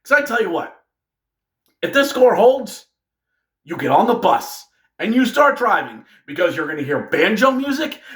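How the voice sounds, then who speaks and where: A man hosting a casual hockey recap video, animated and joking, talking straight to fellow fans. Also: extremely high pitch. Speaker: hockey fan video host. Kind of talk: casual game recap commentary.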